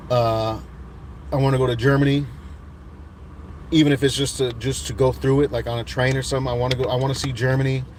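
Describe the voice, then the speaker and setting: A man's voice: mid-range voice, level tone, fast talker, pauses often, a little mellow, a little hiss or hum. A man in his thirties, casually chatting on a livestream and reading out viewer comments in a laid-back, rambling way with lots of restarts. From United States. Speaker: livestream host reading chat. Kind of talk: casual chat.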